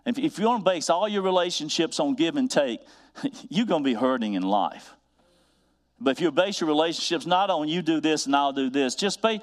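A man's voice: on the high side, lively intonation. Emphatic male preacher with rising refrains. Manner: drawn-out emphasis on scripture quotes. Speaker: pastor. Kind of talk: sermon.

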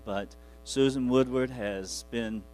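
A man's voice: mid-range voice, takes it slowly, a little mellow, soft background music. Chuckling, rambling male pastor. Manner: rambling, chuckling, self-deprecating. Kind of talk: folksy storytelling from the pulpit.

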